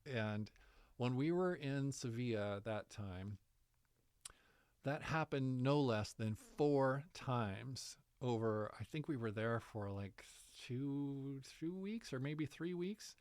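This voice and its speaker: A man's voice: mid-range voice, takes it slowly, no room sound. A man spins a story as a podcast guest, his voice rising and falling and often breaking into laughter. The sound is dry and close, with no room around it. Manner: animated, laughs often while telling a story. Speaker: guest, distance education coordinator. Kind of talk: casual storytelling.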